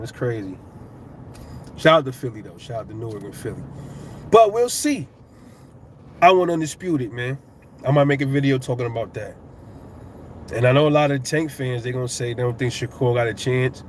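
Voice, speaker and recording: This boxing YouTuber, a middle-aged New Yorker, gives casual, profane commentary that wanders and grows heated. His voice is mid-range at a normal speed, broken up by long pauses, with a little hiss or hum present.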